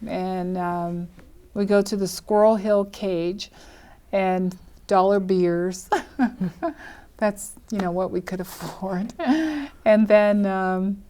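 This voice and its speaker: An older woman recounts her own life story. She tells it with energy, acts out what people said and laughs often. Her voice sits at a middle pitch. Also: drawn-out words, pauses often. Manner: lively storyteller who acts out quoted speech and laughs often.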